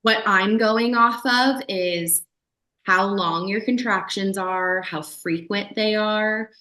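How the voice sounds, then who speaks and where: A woman doula talking casually as a podcast guest, lively, often acting out what clients and partners say. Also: medium pitch, slow pace. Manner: animated, acts out quoted voices of clients. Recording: roomy echo.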